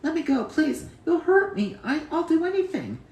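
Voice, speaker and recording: Man, home video host, earnest, lively pitch, echoey room, faint ambience. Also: moderate pace. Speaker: channel host. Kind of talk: reciting memorized film lines and trivia.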